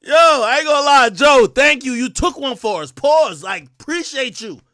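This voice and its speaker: Male streamer host, bright high voice swinging wildly, loud profane rants to chat, dry close sound. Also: normal speed, no echo. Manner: loud, excitable, shouts and laughs often; profane, addresses chat directly. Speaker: livestream host. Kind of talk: casual livestream rant.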